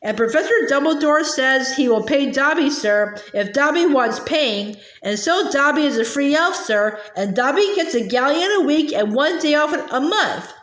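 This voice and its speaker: A woman voicing an eager, servile male house-elf who talks in a squeaky voice and calls everyone sir. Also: expressive, normal speed, hardly any pauses, a bit bright, reverberant. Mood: earnest.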